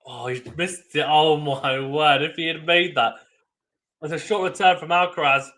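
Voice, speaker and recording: A young man hosting a live tennis watchalong, giving excitable play-by-play with sudden bursts of loud surprise and chatting with viewers. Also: on the high side, moderate pace. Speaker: watchalong host.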